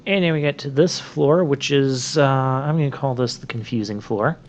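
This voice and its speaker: A man's voice: mid-range voice, normal speed, slight background noise. A man hosting a let's play, giving rambling, chatty gameplay commentary full of fillers. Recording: slightly muffled lo-fi mic.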